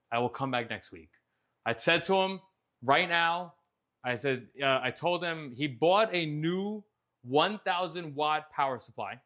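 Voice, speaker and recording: A man's voice: fairly high pitch, fairly bright tone. A man, hosting a casual chat show and telling a story with a lot of animation and frequent swearing. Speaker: host.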